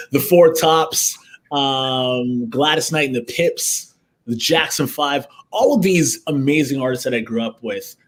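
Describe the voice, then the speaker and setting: A man's voice: medium pitch, takes it slowly. A man talking as an actor guest in a casual interview, telling rambling stories and laughing often, over a video call. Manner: rambling, chatty storytelling with frequent laughs.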